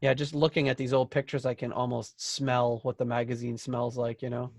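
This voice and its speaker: A podcast co-host talking in a relaxed, joking way. His voice sits at a middle pitch. The sound is dry and close, with no room around it. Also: fairly quick, vocal fry, dry recording. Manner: chatty, joking, reads out listener posts. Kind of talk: casual chat.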